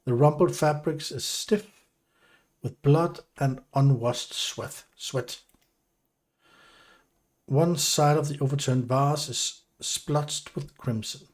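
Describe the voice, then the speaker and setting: A man's voice: fairly high pitch, takes it slowly. A young man with a Danish accent reading game text aloud as a let's play host, correcting himself as he goes. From Denmark. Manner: careful reading with self-corrections.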